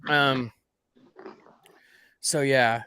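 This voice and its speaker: A man's voice: mid-range voice, fairly even intonation, extremely slow, bright, forceful tone, clean tone, no echo, clean studio sound. A man hosting a casual livestream hangout, rambling and often calling his viewers "guys". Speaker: livestream host. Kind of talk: casual group chat.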